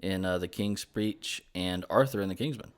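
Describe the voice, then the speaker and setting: A man's voice: low-pitched, normal speed, clean tone. A man co-hosting a movie review podcast in casual chat, eagerly sharing details about the cast. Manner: eager, shares cast trivia. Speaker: podcast co-host.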